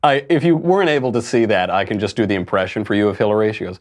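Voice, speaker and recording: A man's voice: lowish voice, racing. A man hosting a political commentary show, talking in a sarcastic, mocking way and laughing between his points. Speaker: host.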